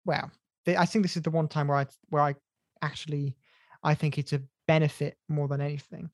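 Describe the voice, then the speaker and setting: A co-host of a podcast speaking in casual chat, measured and gently teasing, with stumbling restarts. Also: mid-range voice, steady tone, no room sound, studio quality. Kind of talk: casual film review chat.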